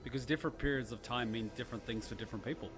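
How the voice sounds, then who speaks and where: A man giving casual reaction commentary on a game, excitable, joking and profane. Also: mid-range voice, rapid-fire.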